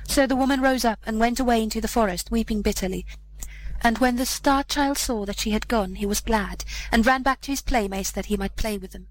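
A woman's voice: a little high, slight background noise, rough recording. Woman narrating an old fairy tale. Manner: measured, old-fashioned storytelling. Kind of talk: storybook reading of a fairy tale.

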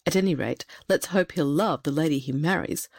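A woman reading a fairy tale aloud and voicing a dignified king in a lowered, dry and measured tone. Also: creaky, a little mellow, no echo. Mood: wry.

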